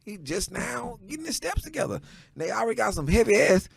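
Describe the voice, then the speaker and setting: A man from Houston, a stand-up comedian guesting on a podcast, telling stories in an animated way and building up to shouted punchlines. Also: high voice, fast, creaky. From Houston, Texas. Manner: animated storyteller who rises into shouted punchlines. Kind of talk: casual chat, comic storytelling. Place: podcast studio.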